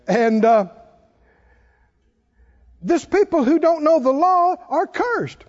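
Male preacher, very high and lively voice, slow deliberate delivery, dull sound with long hall reverb. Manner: preaching with laughs and rising exhortation. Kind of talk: sermon.

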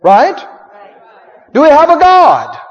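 A man's voice: very high voice, wildly swooping pitch, slow pace, slight background noise. A male pastor preaching with emphatic call-and-response and frequent chuckles. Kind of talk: sermon. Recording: echoey hall, dull sound.

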